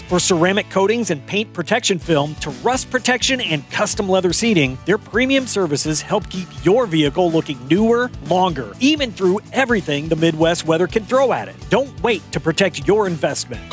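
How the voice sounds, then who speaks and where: A man reading a scripted radio ad with a polished announcer delivery. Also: sits high.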